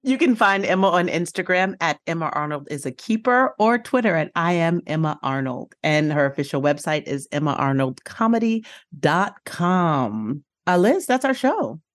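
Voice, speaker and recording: A woman co-hosting a podcast, reading the closing credits and sign-off in an upbeat, brisk way. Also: fairly low pitch, lively intonation, no echo, studio quality. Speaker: podcast co-host.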